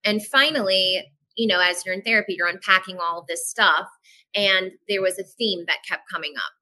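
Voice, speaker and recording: A woman with a mid-range, bright and forward voice tells her own story candidly as a podcast guest. She is animated and frank, swears casually, and slips into quick voices for people she quotes; the recording is low quality.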